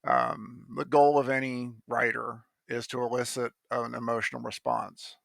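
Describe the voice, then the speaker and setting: A man's voice: mid-range voice, level tone, normal speed, vocal fry, fairly bright tone, dry recording. A man telling how he came to write a poem, in a rambling casual monologue full of fillers and restarts, blunt and now and then swearing.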